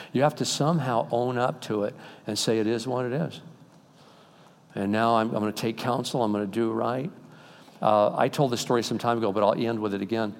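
An older man preaching a sermon as pastor, swinging between loud emphatic peaks and quiet, intimate asides, then leading a prayer in a church sanctuary. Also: lowish voice. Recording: long reverb in a large hall.

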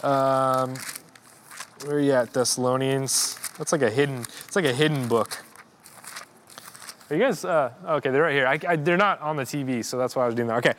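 A man's voice: medium pitch, normal speed, a bit bright, a little hiss or hum. A man giving an informal sermon in a church, conversational, repeating words and rising in emphasis. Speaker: preacher.

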